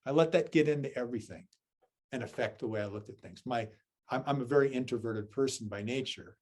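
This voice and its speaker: A man with a Southern US accent gives a relaxed dharma talk as a Zen teacher. He talks in a mid-pitched voice and tells a story at his own expense. He often turns to the listeners with a quick "right?" or "okay?". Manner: self-deprecating, storytelling.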